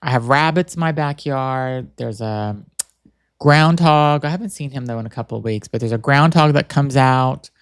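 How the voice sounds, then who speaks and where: A man's voice: medium pitch, moderate pace, clear, resonant tone, no room sound, clean studio sound. A man hosting a podcast, telling a rambling, chatty story full of fillers and restarts. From Boston area. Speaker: podcast host. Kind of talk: casual storytelling monologue.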